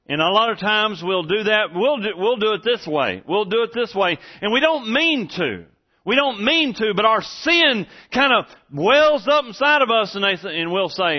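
A man's voice: high voice, sing-song, normal speed. A man preaching a sermon in a church, earnest and repetitive, often restarting his sentences. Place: church room with congregation. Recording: dull lo-fi sermon recording.

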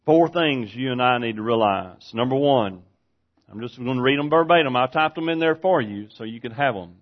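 A man preaching a sermon, swinging from hushed, slow scripture reading up to loud, shouted preaching. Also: medium pitch, expressive. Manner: reads scripture slowly and deliberately. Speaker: pastor. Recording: dull lo-fi sound.

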